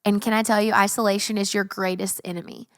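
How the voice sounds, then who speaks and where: A woman's voice: mid-range voice, fast, no echo, studio quality. A young woman hosting a faith-based podcast, talking earnestly and casually with lots of fillers and acted-out inner thoughts. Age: young adult. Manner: earnest, animated, filler-heavy, acts out her own thoughts in quotes. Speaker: podcast host.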